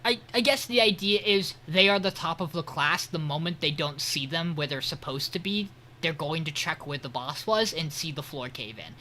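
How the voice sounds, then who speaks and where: Man, podcast co-host, casual recap, lots of ums, swears freely, bright and forceful tone. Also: fairly high pitch, animated, moderate pace, slight background noise. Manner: loose, profane, filler-heavy storytelling. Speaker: podcast co-host reviewing anime. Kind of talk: casual episode recap chat.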